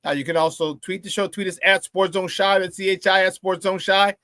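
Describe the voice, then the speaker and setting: A man's voice: high voice, fairly even intonation, fairly quick, pushed and bright, dry recording. A man hosting a morning sports talk show, chatting casually and playfully, hyping up viewers and reading their comments with laughs.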